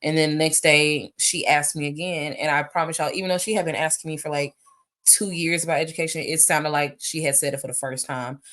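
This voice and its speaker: A woman's voice: low voice, fairly quick. A woman, chatting animatedly with viewers as she answers their questions in a live stream. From United States. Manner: animated, chatty, reads questions aloud, addresses viewers as y'all. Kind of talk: casual live Q&A chat. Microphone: phone or webcam for a live stream.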